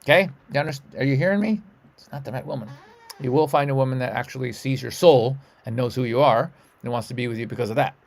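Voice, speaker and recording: A man's voice: medium pitch, fast talker, gravelly. Profane, rambling man giving a spiritual talk. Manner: loose, profane and emphatic, frequent "you know what I'm saying". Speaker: spiritual livestream host. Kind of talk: casual spiritual talk, rambling livestream sermon.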